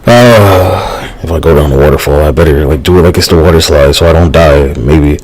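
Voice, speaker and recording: Real deep husky dude rambling on his stream, cussing, slangy. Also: fairly quick, a little mellow, poor audio. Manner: loose, profane, slangy rambling. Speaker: live streamer. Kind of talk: rambling casual livestream talk.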